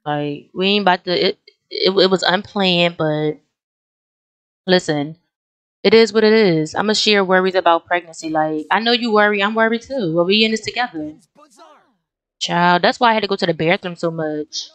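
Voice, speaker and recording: Young woman rambling over her sim game, kinda low voice, lots of oh my gosh energy. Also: normal speed, smooth. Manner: chatty, exclaims often, talks straight to viewers. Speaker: let's play host. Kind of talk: casual gameplay commentary.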